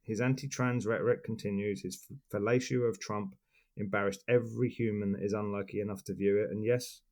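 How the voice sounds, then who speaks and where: Guy w a lowish voice reading out a sweary deadpan rant, podcast cohost. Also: fairly quick. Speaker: podcast co-host. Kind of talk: reading a scripted rant, then casual chat.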